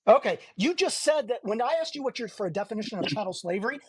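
A man's voice: high-pitched, animated, fast, husky, dry recording. A man in a heated online debate who keeps pressing for exact definitions, cuts in and throws insults. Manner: combative, interrupts, trades insults. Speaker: debater in an online audio room. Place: online voice chat room.

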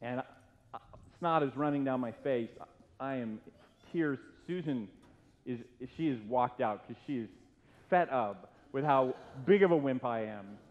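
A man's voice: medium pitch, unhurried. A middle-aged man, a former youth pastor, tells a self-mocking story as a tribute at a church retirement party. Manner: self-deprecating, animated storyteller. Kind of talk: humorous anecdotal tribute speech. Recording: echoey hall, dull lo-fi, faint hiss.

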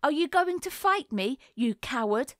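A woman reading the part of a proud young girl in a fury, defiant and shouting. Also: high voice, animated, takes it slowly, dry recording, studio quality, pitched above the performer's own voice. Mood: furious. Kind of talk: audiobook character reading.

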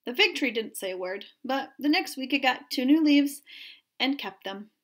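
High-voiced woman reading a storybook aloud. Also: moderate pace. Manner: expressive, storytelling.

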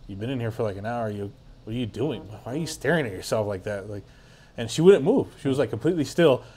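A man's voice: medium pitch, animated, quick pace, mellow, breathy edge. A man guesting on a podcast, telling a story in a rambling, casual way full of filler words and swearing.

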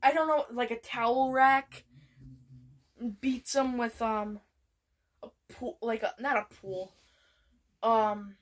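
A woman vlogger rambling excitedly about her favorite shows, full of fillers and restarts. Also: fairly high pitch, slow pace, pauses often. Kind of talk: casual show ranking.

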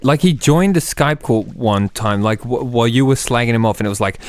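A man's voice: mid-range voice, fairly quick. A man hosting a casual chat over a call, blunt and teasing, swearing freely. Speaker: host.

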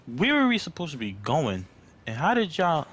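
A man's voice: fairly high pitch, huge pitch swings, normal speed, a bit bright, slightly rough. A man doing let's-play commentary, jumpy and easily scared, talking to himself as he plays. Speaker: gamer.

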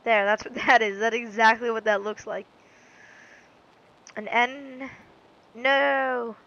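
A woman talking over her gameplay in a casual, rambling way, joking at her own expense. Her voice sits a bit high. The recording sounds dull and lo-fi. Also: steady tone, slow pace, pushed and bright. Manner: rambling, goofy, self-mocking. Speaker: let's-play gamer.

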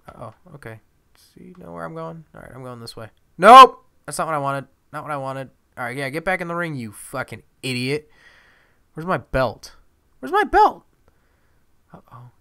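This gaming commentator's mid-range voice is creaky and a bit bright. Doing let's play commentary on a wrestling video game, he jokes around playfully and curses frequently.

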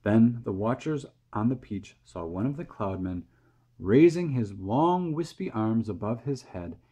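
A man calmly reading a children's storybook aloud, close to the camera mic. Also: on the low side, unhurried, breathy edge. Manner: calm, steady reading.

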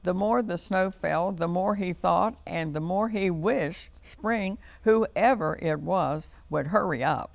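Slow gravelly man reading a storybook. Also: high-pitched, no room sound. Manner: slow, gentle read-aloud delivery.

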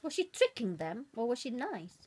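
A woman gently encouraging a child to tell a story, with soft prompting murmurs and little gasps of surprise. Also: a little high, very animated, moderate pace, husky.

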